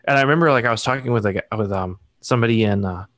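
Man, thirties, low voice, dry close sound, rambling casual chat, lots of fillers. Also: very fast, a bit bright, dry recording. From Massachusetts. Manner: rambling, filler-heavy, self-deprecating. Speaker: guest artist.

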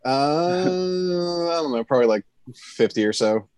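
A man's voice: a little high, expressive, a little slow, darkish tone, smooth, no room sound. A man hosting a podcast, chatting casually and hesitantly, with many fillers. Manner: friendly, hesitant, filler-heavy. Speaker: podcast host. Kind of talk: casual interview chat.

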